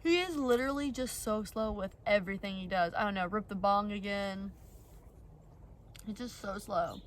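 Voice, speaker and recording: A woman's voice: medium pitch, moderate pace, far from the mic, a little hiss or hum, poor audio. A young woman vlogger telling a personal story in a rambling, blunt way, full of fillers and the odd swear. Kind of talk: casual storytelling.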